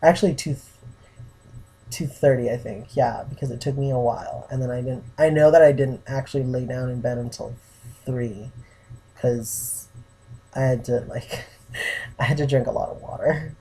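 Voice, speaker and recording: A man's voice: mid-range voice, fairly even intonation, normal speed, long pauses, warm tone, slightly rough. A young man vlogging to his viewers, telling a story in a chatty way full of "like" fillers. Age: young adult. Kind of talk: casual chat to camera.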